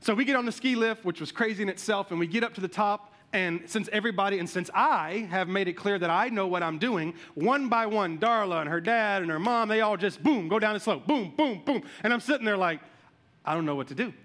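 A male pastor tells a funny story from the pulpit, his voice pitched unusually high with a bright, forceful edge. He slips into the voices of the people in his story and adds sound effects. Then he turns the story into a sermon point. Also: fairly quick, hardly any pauses. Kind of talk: sermon with a comic personal story.

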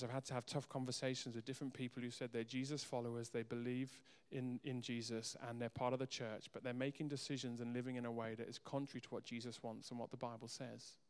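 A mid-range male voice belongs to a pastor preaching a sermon with earnest conviction, shifting between soft, quiet asides and emphatic, raised lines. The recording carries a long hall reverb.

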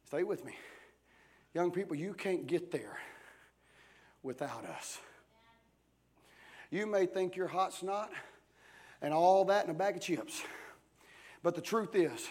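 A pastor in his forties preaching a sermon, swinging between hushed talk and shouting, with many "uh" fillers between phrases. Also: high voice, expressive, takes it slowly, long pauses, breathy edge. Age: 40s.

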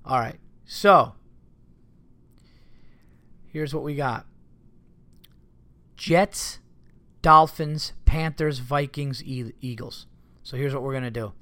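On his solo podcast, a comedian meanders through casual, profane talk, easily exasperated. He speaks slowly and pauses often, in a medium-pitched, a bit bright voice with no room sound.

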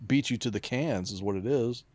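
A man's voice: medium pitch, normal speed, a little mellow, no room sound. A man co-hosting a casual podcast chat, blunt and profane, cutting in with pointed questions and teasing. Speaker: podcast co-host.

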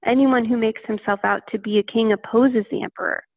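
Insistent, accusing male temple leaders, read by a woman in a scripture reading. The voice is fairly high and gravelly. It comes over a dry, tinny, phone-like line. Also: steady tone, a little fast, no echo.

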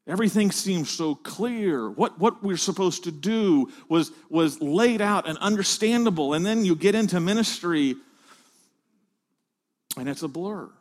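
A man preaching a sermon to fellow pastors, rising to loud emphatic peaks and dropping to hushed phrases. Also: sits high, lively intonation, measured pace.

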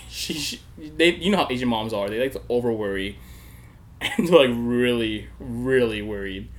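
A young man telling a story in a loose, casual chat. He is animated and profane, laughs often and acts out the people he quotes. His voice sits in an ordinary middle range. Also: medium pitch, measured pace.

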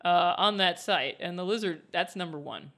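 A woman's voice: fairly low pitch, animated, normal speed, fairly bright tone. A woman co-hosting a podcast in a playful, casual way, steering the talk into the next segment. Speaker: podcast co-host. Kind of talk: casual chat.

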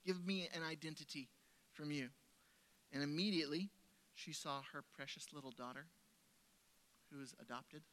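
Bright-voiced man preaching a sermon. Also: animated, unhurried, pauses often. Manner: conversational storytelling, swinging between loud emphasis and soft lowered tones. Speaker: pastor. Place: church service.

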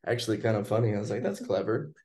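A man casually telling a personal story in conversation, relaxed and chatty, acting out what people said. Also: on the low side, racing. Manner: relaxed, chatty, acts out quoted lines.

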